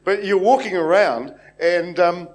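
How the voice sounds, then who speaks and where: A man from New Zealand with a New Zealand accent, preaching with a slightly high-pitched voice. He tells stories in a loose, meandering way, circling back with fillers and restarts before settling into the scripture. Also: measured pace. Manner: rambling, anecdotal, many restarts and fillers. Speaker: pastor. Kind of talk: sermon. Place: church hall with congregation.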